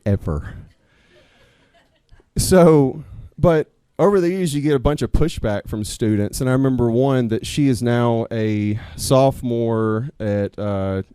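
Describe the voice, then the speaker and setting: Dark-voiced man telling a story. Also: medium pitch, clear, resonant tone, dry recording. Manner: animated, swears when quoting students, earnest at close. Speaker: storyteller, teacher and coach. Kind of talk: personal story told live on stage. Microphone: stage microphone.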